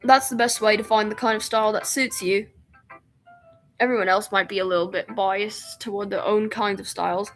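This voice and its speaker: A woman's voice: medium pitch, fairly even intonation, moderate pace, fairly bright tone, lightly acted. Girl doing a confident club president lady, fake british accent that slips into aussie, reassuring and a bit teasing, faint music under it. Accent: attempted British that comes out Australian-sounding. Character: poised, encouraging young woman club president. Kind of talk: reading game dialogue aloud.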